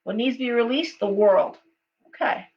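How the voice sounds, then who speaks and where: Woman doing a live tarot reading, kinda high voice, rambly chatty, lots of okays, muffled stream audio. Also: moderate pace. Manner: chatty, storytelling, frequent okays and ums. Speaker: tarot reader. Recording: dull lo-fi sound with faint hum.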